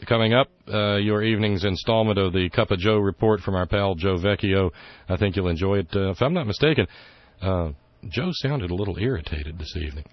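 A man's voice: deep voice, a little fast, no room sound, highs cut off. A man hosting a political talk radio show, indignant and sarcastic, rambling through his points with fillers.

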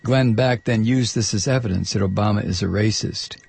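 Gravelly, indignant male talk host. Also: fairly low pitch, moderate pace, darkish tone. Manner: indignant, sarcastic, ranting. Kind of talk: political commentary monologue.

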